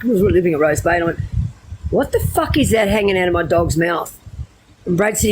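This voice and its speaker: Casting: middle-aged Australian woman, blunt and crude storyteller, low voice, noisy background. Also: fast talker. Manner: brash, swearing, animated anecdotes. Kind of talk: casual storytelling.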